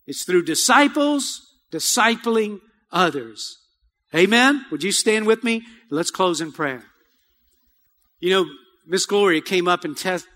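High, bright-voiced preacher in a hall. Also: male voice. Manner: call-and-response preaching, repeated "Amen?"; soft, slow prayer leading. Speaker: pastor. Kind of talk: sermon. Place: church sanctuary.

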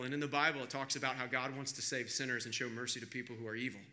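Male pastor, brilliant ringing tone, emphatic preaching, loud then hushed. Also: mid-range voice, steady tone, rapid-fire. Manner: emphatic, swings between loud urgency and hushed appeals. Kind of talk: sermon.

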